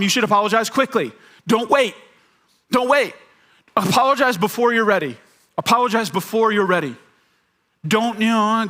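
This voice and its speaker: A man's voice: high-pitched, bright, forceful tone. A man preaching a sermon as pastor, talking conversationally, repeating key phrases and acting out quoted lines.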